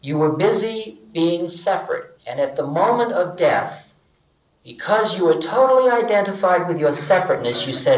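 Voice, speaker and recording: An older man giving a relaxed spiritual talk, telling stories and acting out bits of dialogue with humor, in an archival lecture recording. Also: high voice, normal speed, echoey room, dull audio. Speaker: spiritual teacher.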